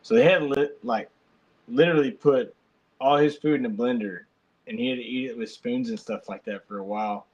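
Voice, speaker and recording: A man's voice: mid-range voice, a little fast, a little mellow, muffled recording. A man hosting a podcast, telling family stories in a loose, colloquial way with frequent restarts. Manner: rambling storyteller, colloquial, many restarts. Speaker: podcast host. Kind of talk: casual chat.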